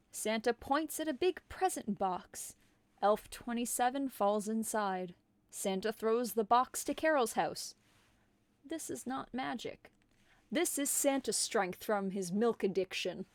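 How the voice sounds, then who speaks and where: A woman streamer reading a silly holiday story aloud in a deadpan way. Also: a little high, a little slow, dry recording. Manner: deadpan, absurd.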